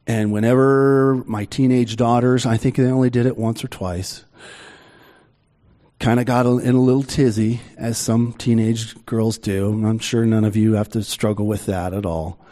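A middle-aged man preaching a sermon in a conversational way, with slow, emphatic pauses. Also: medium pitch, mellow. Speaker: pastor.

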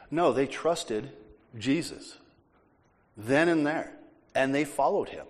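A man preaching a sermon as pastor, emphatic and forceful, with casual asides. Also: on the high side, expressive, takes it slowly, pauses often. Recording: long hall reverb.

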